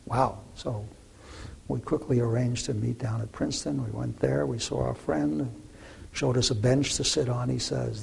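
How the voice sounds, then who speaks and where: A man's voice: mid-range voice, fairly even intonation, moderate pace, a little hiss or hum. An older man, a physicist guest in an interview, recounting memories with many fillers and restarts. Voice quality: gravelly, raspy voice. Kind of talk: interview storytelling.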